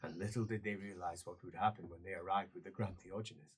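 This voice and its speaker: A man narrating a tabletop role-playing game as game master, in a slow, theatrical way. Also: low-pitched, fairly even intonation, slightly rough.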